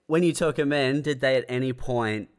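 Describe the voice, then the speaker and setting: A man telling a crude story, animated and laughing as he goes. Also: medium pitch, normal speed. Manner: animated, laughing, swears freely. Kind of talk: casual comedic storytelling.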